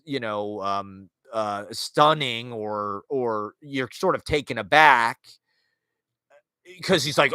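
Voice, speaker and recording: This podcast host is a man whose bright, forceful mid-range voice moves slowly with a clean tone. He rambles through a casual talk on literature and culture, leaning on fillers, restarting often, and dropping wry asides, all captured in a dry, close recording with no surrounding room.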